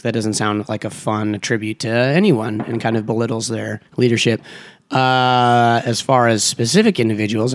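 A man in a casual group book discussion, talking in a sarcastic, joking way and laughing often. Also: mid-range voice.

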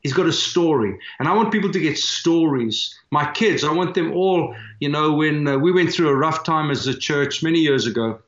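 A man's voice: on the high side, moderate pace, hardly any pauses, fairly bright tone. A man in his fifties from South Africa, a church planter telling earnest, heartfelt stories as a guest in an interview. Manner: earnest, heartfelt storyteller with frequent restarts. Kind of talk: storytelling in a podcast interview. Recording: roomy, dull remote recording.

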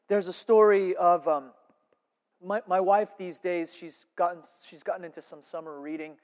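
A male pastor preaching a sermon, animated, swinging between loud emphasis and hushed asides. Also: sits high, normal speed. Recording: reverberant church hall.

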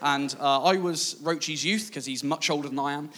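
A man's voice: fairly high pitch, normal speed, pushed and bright, a little hiss or hum. A man preaching a sermon, in a conversational, self-mocking way that acts out past dialogue. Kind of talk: sermon with personal storytelling.

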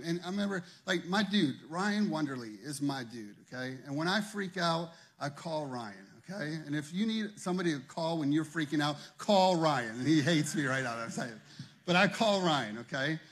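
A pastor preaching a sermon, telling a personal story in a conversational way and then building to loud, emphatic preaching. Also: male voice, a little high, breathy edge.

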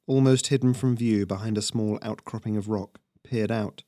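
A man reading a short fantasy story as narrator, in a measured, steady storytelling manner. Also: lowish voice, no room sound, studio quality. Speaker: fiction narrator.

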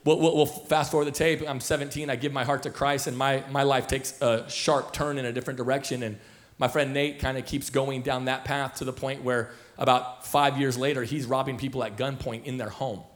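A man's voice: medium pitch, level tone, brisk. A man pastor preaching a sermon to his church, in a loose, storytelling way full of fillers and restarts, somewhere in his thirties. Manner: casual storytelling, many fillers and repeated starts. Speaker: senior pastor. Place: church auditorium.

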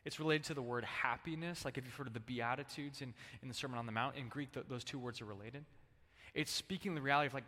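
Bright, animated preacher in a reverberant hall. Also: male voice, mid-range voice, quick pace. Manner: conversational, animated, prompts congregation to respond. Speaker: pastor. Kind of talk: sermon. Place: church sanctuary.

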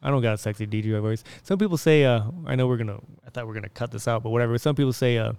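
Chatty man hosting a podcast, crisp voice. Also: mid-range voice, rapid-fire, a little mellow, dry recording. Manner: rambling, chatty, upbeat. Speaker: podcast host. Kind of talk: casual podcast chat. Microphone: close podcast mic.

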